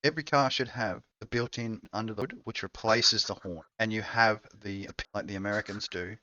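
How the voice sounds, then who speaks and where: A man's voice: on the low side, a little fast, sharp tone, no echo, highs cut off. A man co-hosting a casual streamed chat, full of wry, absurd quips and mock-grand phrasing. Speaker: podcast co-host.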